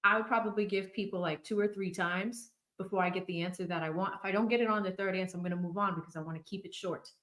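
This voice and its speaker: A woman's voice: mid-range voice, steady tone, fast, hardly any pauses, a bit bright. Chatty Boston woman in a roomy echo. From Boston area. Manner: chatty, conversational, full of fillers. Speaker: legal commentary host. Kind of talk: casual livestream commentary.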